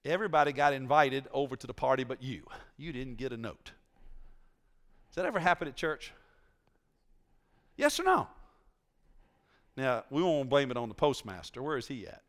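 A man's voice: mid-range voice, big pitch swings, moderate pace, pauses often, fairly bright tone. A male preacher giving a conversational sermon in a church, teasing his congregation and asking them questions.

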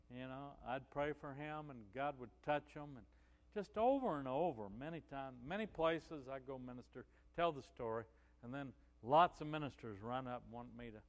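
A man's voice: medium pitch, normal speed. Guy pastor telling stories in his sermon, lots of "you know", voice ringing in a big hall. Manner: conversational storytelling, many "you know" asides.

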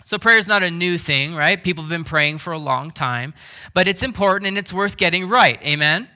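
A male pastor preaching in a loose, chatty storytelling style, poking fun at himself along the way. His voice is very bright and sits fairly high, and the recording sounds a little dull. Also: expressive, a little fast. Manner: conversational storytelling, self-deprecating. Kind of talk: sermon.

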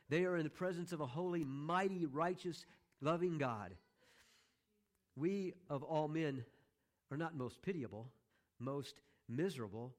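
Middle-aged male pastor, slightly high voice, emphatic sermon delivery with repeated refrains. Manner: emphatic, repeats key phrases, slows down for stress.

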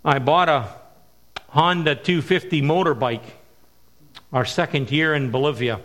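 A middle-aged man preaching at a missions conference, telling stories and stressing key words slowly. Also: a little high, a bit bright. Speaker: missionary speaker. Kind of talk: sermon with storytelling.

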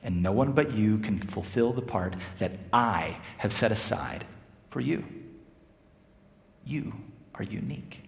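A man from South Africa preaching a sermon, animated, swinging between loud emphasis and hushed, quiet phrases. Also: on the low side, unhurried, vocal fry. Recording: echoey hall with long reverb.

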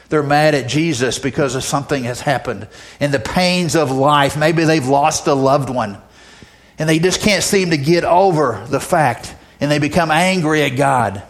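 A male pastor preaching a sermon, emphatic and repetitive, often asking the audience rhetorical questions. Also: medium pitch.

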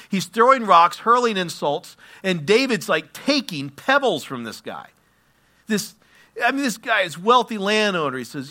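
Male pastor, verse-by-verse sermon, bright forceful tone, lively storyteller. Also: on the high side, moderate pace. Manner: animated storytelling with acted-out quotes; asides and self-corrections while reading scripture.

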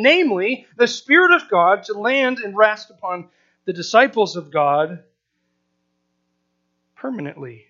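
Bright-voiced man preaching a casual sermon. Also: very high voice, lo-fi sound. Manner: conversational, animated, acts out crowd reactions.

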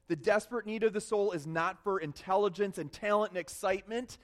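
A man preaching a sermon, telling a personal story with animated swings between loud bursts and hushed confessions. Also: sits high, fairly quick, hardly any pauses. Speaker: pastor.

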